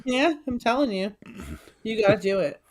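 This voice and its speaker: A woman's voice: on the high side, moderate pace, slight background noise. A woman co-hosting a casual live stream, playful and laughing as she keeps urging viewers on. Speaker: co-host of a live resale stream.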